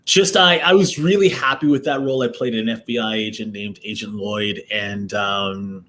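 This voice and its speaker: A man's voice: on the low side, moderate pace, a bit bright. A man talking as an actor guest in a casual interview, telling rambling stories and laughing often, over a video call. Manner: rambling, chatty storytelling with frequent laughs.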